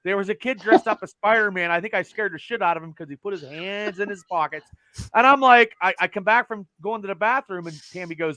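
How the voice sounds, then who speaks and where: A man co-hosting a casual podcast, telling a story loudly and excitedly and swearing freely. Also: high-pitched, fast talker, no echo. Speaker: podcast co-host.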